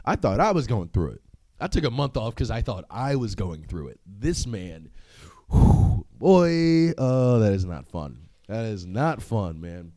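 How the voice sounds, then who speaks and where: A man's voice: lowish voice, very animated, a little slow, mellow, no echo. Profane, rambling young man on a podcast. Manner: profane, laughing, rambling, with filler words. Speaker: podcast host. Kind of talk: casual solo podcast rant.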